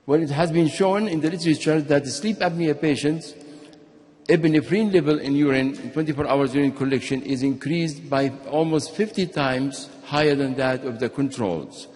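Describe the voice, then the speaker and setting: At a lecture hall lectern, a male physician with a slightly higher voice speaks at normal speed amid long reverb. Arabic is his first language, and his medical conference lecture is a steady explanation with occasional restarts and repeated words.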